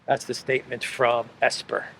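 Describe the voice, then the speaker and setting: A man's voice: mid-range voice, monotone, moderate pace, pushed and bright, a little hiss or hum. A man hosting a solo political commentary show, talking sarcastically and repeating phrases for effect.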